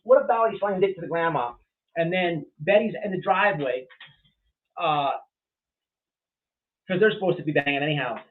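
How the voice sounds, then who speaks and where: Rambling guy hosting a stream, blunt and swearing a lot, kinda high voice, sounds like a phone line. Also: moderate pace, pauses often. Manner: rambling, full of fillers and restarts; blunt and profane. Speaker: livestream host. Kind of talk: casual livestream commentary reading chat.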